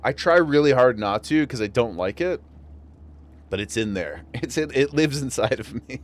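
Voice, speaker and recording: This gamer from western New York has a mid-range, animated voice and a moderate pace, and his accent reflects the region. He chats casually and laughs often as he streams.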